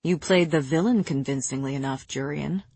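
A woman reading an audiobook voices a powerful male lord who speaks softly, with a low purr. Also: a little fast, slightly rough, no echo. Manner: soft, purring, low delivery. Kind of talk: audiobook character voice.

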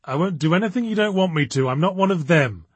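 A man voicing a cautious, quick-thinking young woman who speaks in a hesitant, reassuring way. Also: sits high, expressive, slightly rough, dry recording, voice pushed up.

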